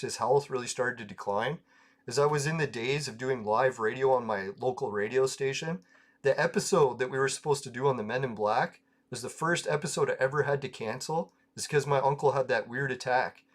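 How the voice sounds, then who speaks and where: A man hosting his own show, telling a rambling, profane story in a casual way and laughing along at it. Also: mid-range voice. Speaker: podcast host.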